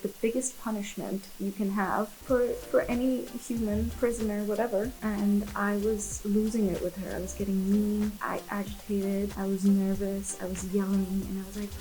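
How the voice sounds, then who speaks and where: A woman's voice: mid-range voice, a little mellow, a little hiss or hum, poor audio. A woman talking candidly to camera as a parenting vlogger, chatty and open, with many fillers. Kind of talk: casual talk to camera.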